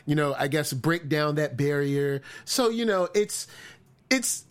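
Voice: medium pitch, expressive. A podcast co-host chatting casually about a TV episode, often stumbling and repeating words while acting out what the characters say. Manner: halting, repeats words, frequent laughs and acted-out quotes. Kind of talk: casual TV recap chat.

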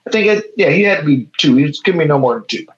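Animated man telling a story, slightly dull sound. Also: fairly high pitch, fast. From Chicago, USA. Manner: animated, acts out quoted dialogue. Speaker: guest photo editor. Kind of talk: casual interview storytelling.

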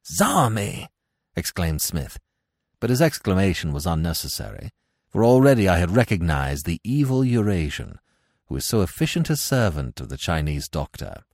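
Brief: low-pitched male narrator, animated delivery, close and dry. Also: moderate pace, dry recording. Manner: expressive, dramatic storytelling. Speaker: podcast narrator. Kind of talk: scripted narration of a classic novel.

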